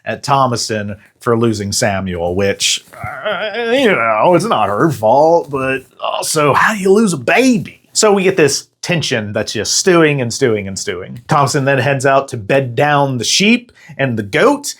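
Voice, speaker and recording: A man's voice: medium pitch, big pitch swings, unhurried, few pauses, a bit bright. A man hosting a comedic movie recap, narrating the plot with sarcastic jokes. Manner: sarcastic, jokey. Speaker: host.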